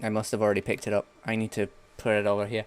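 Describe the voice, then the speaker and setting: A man's voice: lowish voice, monotone, very fast, clear, resonant tone. A young man streaming a game, rambling and joking casually with some swearing. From England. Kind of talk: casual gameplay chat.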